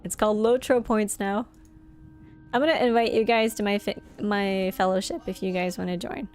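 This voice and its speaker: A woman's voice: mid-range voice, fairly even intonation, normal speed, a little mellow. A woman from Norway, chatting casually and giggling often while live-streaming a game.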